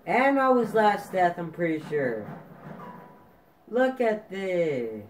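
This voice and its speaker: A man talks viewers through his match in a slightly high voice, ranting and complaining again and again. Faint background noise sits under his voice throughout. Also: very animated, slow pace, rough recording. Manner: ranting, exasperated, repeats complaints. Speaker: gaming video host. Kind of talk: frustrated gameplay commentary.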